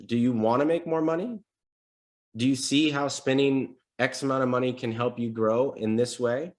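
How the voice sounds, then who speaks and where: A man's voice: mid-range voice, normal speed. A man coaching salespeople on a live stream, talking casually and energetically and acting out sample sales calls. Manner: energetic, conversational teaching with role-played examples. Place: home desk setup.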